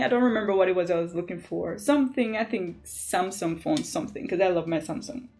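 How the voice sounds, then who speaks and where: A young woman from Jamaica with a Jamaican accent, chatting casually to camera in an animated way and laughing often. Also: lowish voice, a little fast, few pauses, soft background music. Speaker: vlogger.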